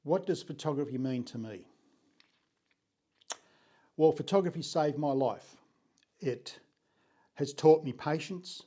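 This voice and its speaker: With a fairly high pitch but a dark tone, an older man speaking with a Sydney Australian accent narrates his photography story. He's unhurried and earnest in this vlog, regularly clearing his throat.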